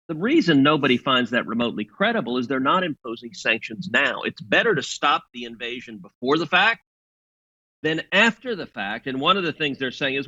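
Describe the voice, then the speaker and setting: A man's voice: mid-range voice, very animated, moderate pace, sharp tone, highs cut off. A man giving assertive political commentary, arguing his point and repeating words as he starts sentences.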